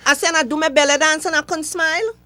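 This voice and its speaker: Bright-voiced Trinidadian woman telling a story. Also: sits high, steady tone, fast talker. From Trinidad and Tobago. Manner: laughing, emphatic, dramatic storyteller. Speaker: interview guest. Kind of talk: animated storytelling.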